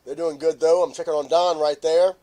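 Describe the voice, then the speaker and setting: Greeting viewers by name and frequently breaking into laughter, a middle-aged man hosts a relaxed morning live stream. He talks a little fast, and his voice is high for a man.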